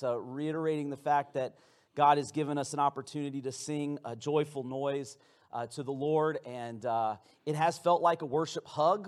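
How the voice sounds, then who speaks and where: A pastor giving a conversational, playful sermon in a church, often restarting his sentences. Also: fairly high pitch. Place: church sanctuary with congregation.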